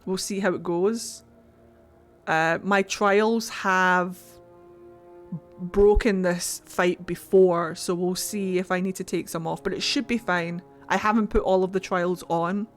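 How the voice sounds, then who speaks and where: A woman's voice: fairly low pitch, steady tone, unhurried, soft background music. A woman streaming a video game, chatting casually and getting easily distracted. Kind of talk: casual chat while gaming.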